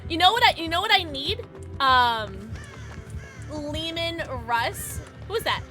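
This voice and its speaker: A woman streaming a game, chatting casually with viewers in an excitable way, with sudden high yelps and laughs. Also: slow. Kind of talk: casual livestream chat while gaming. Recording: game music behind the voice. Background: game music.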